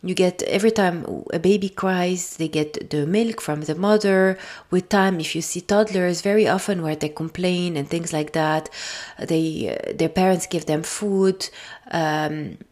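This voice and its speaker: A woman with a French accent, hosting a podcast and talking things through in a gentle, thoughtful way with frequent fillers and restarts. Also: fairly low pitch, measured pace. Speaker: podcast host. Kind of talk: casual solo podcast talk.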